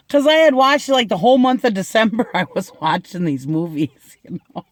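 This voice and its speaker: A man's voice: sits high, expressive, normal speed, dry recording, studio quality. A middle-aged man chatting casually in an unboxing video, gushing and laughing often as he talks. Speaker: unboxing vlogger.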